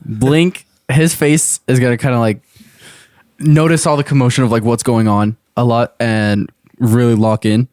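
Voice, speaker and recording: A man's voice: medium pitch, steady tone, moderate pace, darkish tone, no room sound, studio quality. A man playing in a tabletop role-playing game, describing his character's actions with lots of "like" and hesitation. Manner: hesitant, filler-heavy. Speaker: player. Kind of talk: casual tabletop play.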